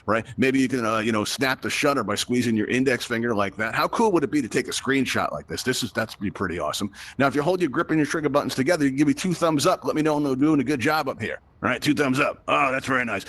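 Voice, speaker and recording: A man's voice: medium pitch, a bit bright. A man hosting a live virtual reality tutorial, talking a group through the controls in a chatty, upbeat way and checking in with them constantly. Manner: upbeat, chatty, addresses the crowd with frequent "right?" checks. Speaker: VR event host and instructor.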